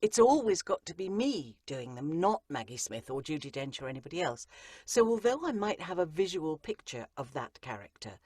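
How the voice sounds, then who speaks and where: A woman's voice: deep voice, very animated, normal speed, darkish tone, husky, no echo, studio quality. A woman, an audiobook narrator and coach, explaining her craft in an interview and driving points home through repetition. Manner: emphatic, repeats phrases for effect. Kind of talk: interview conversation.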